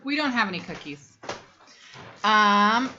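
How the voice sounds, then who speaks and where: A woman's voice: mid-range voice, lively intonation, slow pace, bright, forceful tone. A woman in her thirties co-hosting a casual family livestream, chatty and rambling, reading viewer comments aloud between lots of ums. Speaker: livestream co-host reading chat. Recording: dull lo-fi stream audio.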